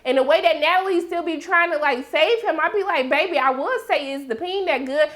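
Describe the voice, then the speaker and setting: Sassy high-voiced woman recapping TV. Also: brisk, few pauses. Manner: sassy, loud outbursts, acts out characters. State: sore throat. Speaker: TV recap reviewer. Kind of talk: animated casual TV recap.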